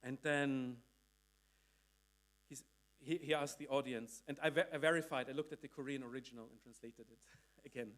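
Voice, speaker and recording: A man's voice: mid-range voice, steady tone, moderate pace, a bit bright. A man giving a sermon, recounting a speech in a conversational way, full of restarts and tag questions. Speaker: preacher. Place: church hall.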